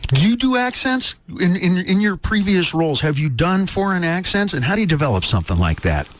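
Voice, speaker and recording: A man hosting a radio interview, asking playful, quick questions. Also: high-pitched, very animated, dry recording. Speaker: radio host.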